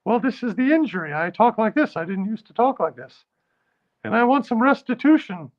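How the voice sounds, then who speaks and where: A man putting on a high, thin falsetto, playing someone stuck talking that way. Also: very animated, a little fast, lo-fi sound. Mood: mock complaint.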